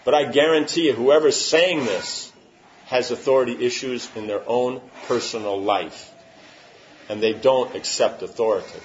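A man's voice: fairly low pitch, a little hiss or hum. Guy giving a spiritual talk, pushy and emphatic, keeps checking you follow, sounds a bit muffled. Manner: emphatic, keeps asking "you know what I'm saying?". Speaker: spiritual teacher. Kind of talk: informal religious discourse answering questions. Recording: muffled lo-fi recording.

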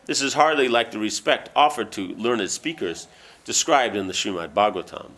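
A man reading a book aloud and breaking off into loose, halting asides full of fillers. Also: lowish voice, animated, fairly bright tone. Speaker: reader.

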